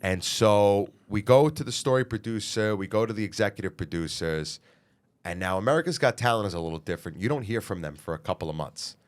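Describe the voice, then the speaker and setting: Animated low-voiced male singer telling stories. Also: a little fast. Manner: lively, swears freely, acts out quotes. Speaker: interview guest, singer. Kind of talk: animated storytelling.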